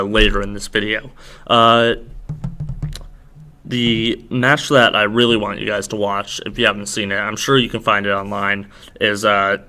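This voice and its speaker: A young podcast host rambles through a casual solo wrestling recap, filling it with fillers while sounding tired and slurring slightly. His voice sits on the low side, bright and forceful in tone.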